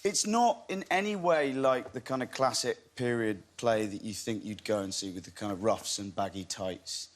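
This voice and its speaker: A man's voice: lowish voice, moderate pace, few pauses. A young man sits as a guest on a television chat show. He talks easily and self-deprecatingly about his work. He chuckles often as he tells stories. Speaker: actor guest. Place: TV studio.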